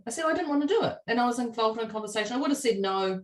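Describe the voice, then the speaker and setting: This is a woman co-hosting a relaxed podcast and telling stories with energy. She laughs often and acts out the lines she quotes. Her voice sits a little away from the mic, in a roomy, echoing space. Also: a little high, racing, far from the mic. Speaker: podcast co-host. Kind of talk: casual chat.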